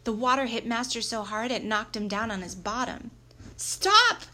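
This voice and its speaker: A woman narrating a children's book aloud in a lively, expressive storytelling manner. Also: on the high side, brisk. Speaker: audiobook reader.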